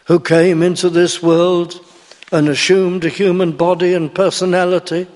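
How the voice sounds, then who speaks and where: A man's voice: sits high, level tone, moderate pace, darkish tone, big-room sound. A man preaching a sermon, earnest and pleading, pressing his questions to the congregation with rising emphasis.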